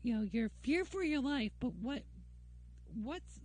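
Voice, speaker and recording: A woman's voice: high voice, expressive, a little slow, darkish tone. A woman ranting to camera in a casual, opinionated, sarcastic monologue, talking from a dim room on a break. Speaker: vlogger. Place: dim indoor room during a work break. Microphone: camera mic.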